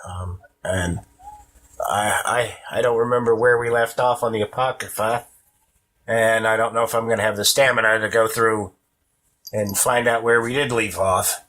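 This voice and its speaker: A sick man talks through a casual solo podcast episode, short of breath and wheezing as he goes. His somewhat low voice still has a bright, forceful edge. He halts every couple of sentences to catch his breath. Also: fairly even intonation, moderate pace. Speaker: podcast host. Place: at home with a cat on him.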